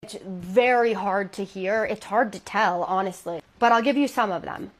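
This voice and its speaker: A woman's voice: mid-range voice, moderate pace. A woman telling a true scary story in a casual, dramatic way, talking straight to her viewers. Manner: chatty, dramatic, addresses viewers directly.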